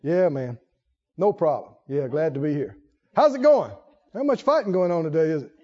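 An easygoing, folksy teenage shepherd boy, as a preacher puts him on, speaking in a high, sing-song voice that rises and falls a lot. The recording sounds slightly dull and lo-fi. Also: expressive, moderate pace, darkish tone. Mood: breezy. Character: cheerful teenage shepherd boy bringing food.

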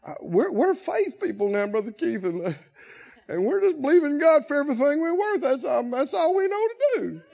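A whining, hesitant churchgoer, as a male preacher puts him on, stammers over his words. The voice is high and jumpy. It comes through a muffled, lo-fi recording. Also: sing-song, brisk, creaky, darkish tone, heavily acted. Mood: whiny. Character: whiny, hesitant churchgoer claiming faith.

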